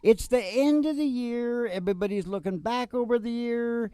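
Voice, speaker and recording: A man's voice: very high-pitched, normal speed, clear, resonant tone, dry recording. Rambling joking male radio host. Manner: rambling, joking, animated storytelling. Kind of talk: casual talk radio chat, then singing a country song. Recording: loud guitar music behind.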